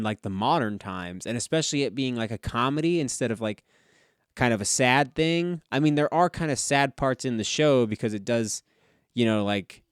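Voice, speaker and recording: A man's voice: medium pitch, clean tone, dry recording, studio quality. A man co-hosting a casual podcast, laid-back and swearing freely as he retells TV scenes. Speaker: podcast co-host. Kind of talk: casual chat.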